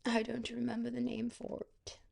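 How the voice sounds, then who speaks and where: A woman's voice: a little high, completely flat delivery, moderate pace, vocal fry, a little mellow. A woman streamer reading aloud and chatting with her viewers, hesitant and searching for words, with quaintly formal, theatrical phrasing. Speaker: livestreamer reading aloud to chat. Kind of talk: casual livestream chat and reading aloud.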